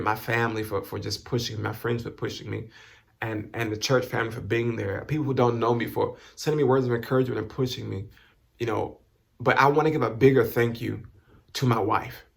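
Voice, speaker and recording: A man speaking to camera in a halting, emotional way, repeating and restarting words as he holds back tears. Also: medium pitch, gravelly, a bit bright. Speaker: vlogger giving thanks. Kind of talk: emotional personal talk to camera.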